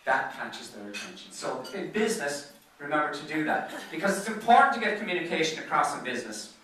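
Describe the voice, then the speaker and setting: In a golf club function room, an Irish man gives an after-dinner business talk, chatting through anecdotes fast, with a bright, forceful tone, a fairly high pitch and big pitch swings. He often stumbles over repeated words. The mic sits far from him in a very echoey room, with slight background noise.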